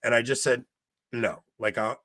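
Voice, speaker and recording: A man in casual podcast chat, telling stories in an animated way and getting loud when he retells a fight. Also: mid-range voice, normal speed, dry recording. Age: 20s. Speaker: podcast co-host.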